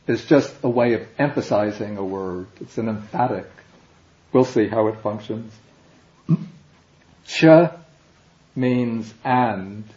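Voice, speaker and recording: A man teaching a language class, explaining slowly and patiently, step by step. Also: medium pitch, a little mellow. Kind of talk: classroom lecture. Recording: dull, echoey classroom recording.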